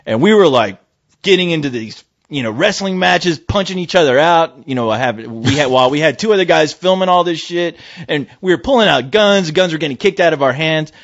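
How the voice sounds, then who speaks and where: Man, casual storytelling, animated, swears a lot, lo-fi dry recording. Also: fairly high pitch, a little fast, dry recording. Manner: animated, swearing, jumps into loud shouted impressions of people. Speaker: podcast co-host. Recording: dry, dull lo-fi audio.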